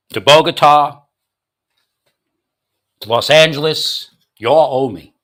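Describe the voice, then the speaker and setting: A man's voice: fairly high pitch, takes it slowly, pauses often, a bit bright, no room sound, clean studio sound. A man delivering a confrontational monologue, angrily ranting at unseen opponents. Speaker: vlogger.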